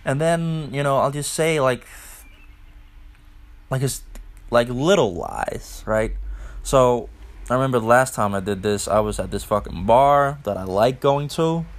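A man casually telling a story, rambling and swearing, with many filler words. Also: mid-range voice. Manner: rambling, profane, lots of "like" fillers. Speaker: podcast host.

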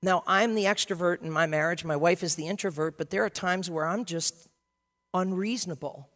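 A pastor preaching a sermon in a lively, humorous way, acting out little scenes. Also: male voice, sits high, moderate pace, in a large hall.

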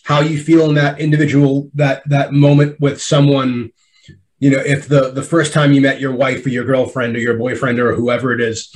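A man's voice: mid-range voice, level tone, normal speed, a little mellow, rough recording. A man, a sommelier at wine dinners, telling a story in a casual chat, with many restarts and acted-out bits of dialogue.

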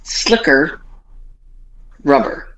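A woman's voice: extremely low pitch, very animated, extremely slow, a bit bright. A woman hosting a casual podcast, telling a story with bawdy humor and acting out both sides of a conversation. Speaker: podcast host. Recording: dull lo-fi podcast audio.

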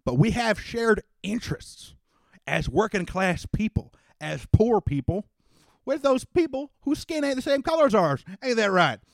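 Man playing a dad turned stump speaker, folksy and rousing, lifted pitch and volume, dry close mic. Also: animated, measured pace, gravelly, no room sound, heavily acted. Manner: folksy stump-speech oratory, crowd-rousing. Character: folksy rousing Texan father and politician, middle-aged man.

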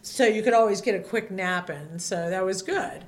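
A woman guest telling stories in casual chat, animated and laughing, acting out her own panicked quotes with loud high yelps. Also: normal speed. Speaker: podcast guest, former feature dancer.

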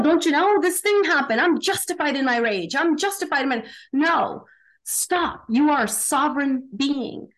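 A woman speaking as a podcast guest, an energetic, emphatic performance coach who often tags her sentences with "right?". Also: fairly high pitch. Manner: impassioned motivational delivery. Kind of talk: casual podcast interview.

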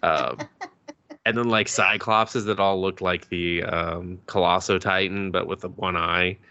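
A man casually recapping an anime episode on a podcast, excited and rambling, laughing often and swearing a lot. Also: sits low, unhurried, lo-fi sound. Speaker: podcast co-host.

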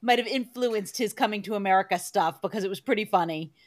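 A woman on a movie review podcast giving measured opinions with dry, mildly exasperated remarks. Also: medium pitch. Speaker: podcast guest panelist. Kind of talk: casual movie review chat.

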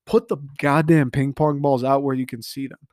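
A man's voice: medium pitch, steady tone, normal speed, darkish tone, no room sound, clean studio sound. A young man from the Detroit area ranting solo about his sports teams, frustrated and profane, rambling from one point to the next. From Detroit area, Michigan. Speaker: sports podcast host.

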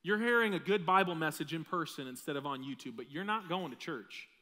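A high, bright male pastor preaching a sermon, loose and conversational, teasing his congregation between points. His voice rings out with a long reverb through a big church hall. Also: a little fast. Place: church sanctuary with a live audience.

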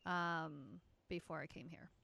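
A guest in a casual chat who talks in a relaxed, easygoing way. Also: medium pitch, unhurried, gravelly. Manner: relaxed, easygoing, says "you know" a lot.

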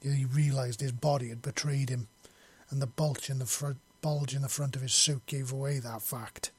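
A man narrating a story in a steady, measured audiobook reading. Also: medium pitch, breathy edge.

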